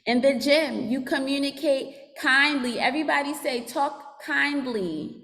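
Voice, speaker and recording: A woman's voice: high voice, fairly even intonation, normal speed, in a large hall, noisy background. Woman addressing a school assembly. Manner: teacherly, asks class to repeat and write. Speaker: school social worker. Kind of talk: school assembly talk to students.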